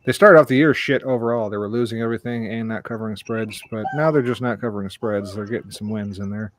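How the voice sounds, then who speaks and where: Woman, podcast host, very low pitch, casual sports chat, light background hiss. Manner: casual, brisk, reads out odds and listener chat.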